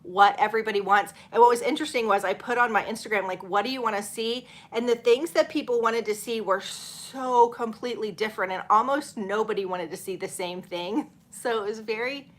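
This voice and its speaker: A woman's voice: on the high side, brisk, hardly any pauses. A middle-aged woman, hosting a casual live stream, chatting and laughing as she reads viewer comments. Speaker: channel host.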